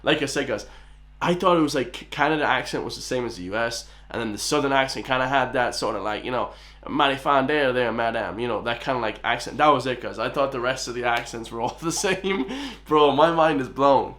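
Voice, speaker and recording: Chatty irish guy reacting to a vid, gets all excited, lots of you know's. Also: mid-range voice, fairly quick. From Ireland. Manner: excitable, chatty, many fillers. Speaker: YouTube reactor. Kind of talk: casual reaction commentary.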